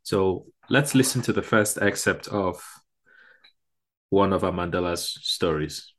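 Male podcast host, low deep voice, casual, hesitant, lots of uh and um. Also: slow pace, a bit bright. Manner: hesitant, many fillers.

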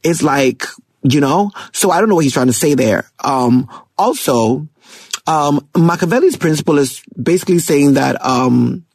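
A young man giving casual, excitable commentary on songs, laughing often and rapping lyrics aloud. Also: fairly high pitch, moderate pace, no room sound. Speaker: music reviewer. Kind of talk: casual music reaction commentary.

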